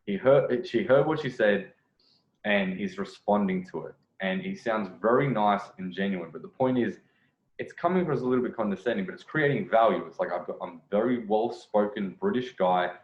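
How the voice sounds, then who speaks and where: Male dating coach talking over a clip, low-ish voice, rambling and self-correcting, lo-fi echoey room sound. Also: animated, fairly quick. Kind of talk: video commentary.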